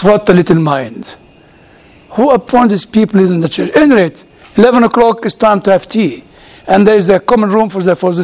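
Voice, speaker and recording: A man who is a lecturer and chaplain tells humorous anecdotes in a chatty way. He acts out the dialogue he quotes. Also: high-pitched. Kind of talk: anecdotal storytelling talk.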